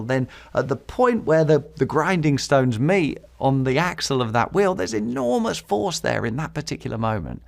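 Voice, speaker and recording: A man's voice: medium pitch, creaky. A man hosting a podcast and teaching public speaking, repeating key phrases for emphasis and chuckling between points. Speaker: podcast host.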